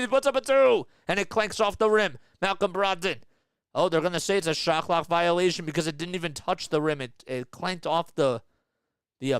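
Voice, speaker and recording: A man's voice: fairly high pitch, a bit bright, smooth, no echo, clean studio sound. A man giving live fan play-by-play of a basketball game, his calls rising sharply and speeding up on big plays. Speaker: play-by-play commentator and streamer.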